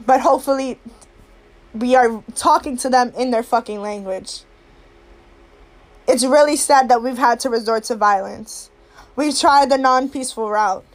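Young woman, high voice, impassioned monologue, raw and outspoken. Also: moderate pace. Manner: blunt, heated and profane, swinging between anger and weary sorrow.

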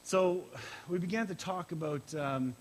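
A middle-aged man, a pastor, gives a conversational sermon after an opening prayer, sounding emotional and halting as he speaks personally. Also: sits high, slight background noise, rough recording. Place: church service, streamed live.

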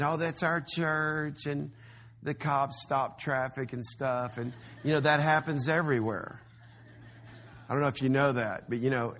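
A man with a Texan accent preaching a live sermon as a guest preacher, folksy and chatty, now and then bursting into loud exclamations. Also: mid-range voice.

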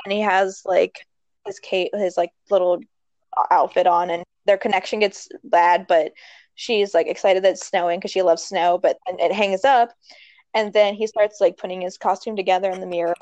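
A young woman casually recapping a movie plot, rambling and expressive, with lots of fillers. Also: medium pitch, normal speed, no room sound, dull audio. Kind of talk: casual chat.

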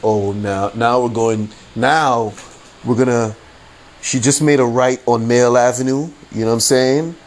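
A man's voice: mid-range voice, slight background noise. A man hosting a podcast, telling a story in a casual, slangy, rambling way and repeating his phrases. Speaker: podcast host.

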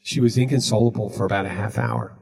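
A man hosting a podcast, telling a story in a casual, deadpan way. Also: lowish voice, fast, creaky, slightly rough. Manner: deadpan, recounting jokes he told. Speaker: podcast host.

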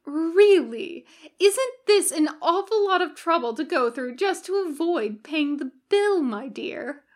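A woman reading a story aloud, voicing a gentle, bookish male angel with a prim, fluttery manner. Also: very high voice, expressive, slow, pitched above the performer's own voice, full character voice. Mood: exasperated.

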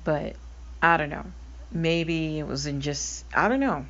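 A woman's voice: low voice, a little slow, fairly bright tone. A blind woman hosting a podcast, thinking aloud hesitantly in a casual monologue. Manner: thoughtful, hesitant with fillers. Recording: slightly dull recording with faint noise.

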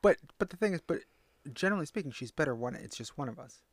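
A man's voice: fairly high pitch, fast, breathy edge, no echo. A man co-hosting a parenting podcast, chatting casually and acting out the voices of people he quotes. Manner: animated, acts out quoted voices. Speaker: podcast co-host.

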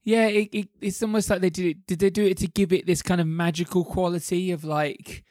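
A man chats casually and animatedly, slightly high-pitched and full of fillers. The recording is dry and close. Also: little pitch movement, fairly quick, darkish tone, no echo. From United Kingdom. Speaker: podcast co-host. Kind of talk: casual chat.

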